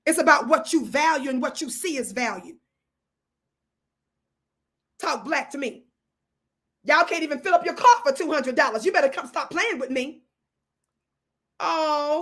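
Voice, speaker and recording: A woman with a high, fairly bright voice hosts a live stream in a preacher-like manner. She reads out comments from her chat and calls blessings down on her viewers.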